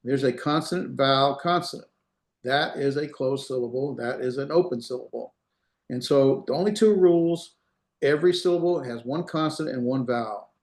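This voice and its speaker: Male instructor at mid pitch, patient and repetitive, heard over a video call with room echo. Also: normal speed, darkish tone. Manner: patient, explains step by step, repeats words for pronunciation. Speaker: Hebrew instructor. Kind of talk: online lecture.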